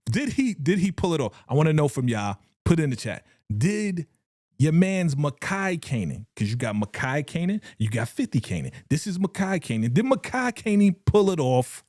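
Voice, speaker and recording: A man, hosting a live reaction stream and talking in an animated, scene-acting way. His voice sits a bit high but sounds mellow and warm. The recording is close and dry. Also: moderate pace, dry recording. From New York. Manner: animated, reads chat aloud, acts out scenes.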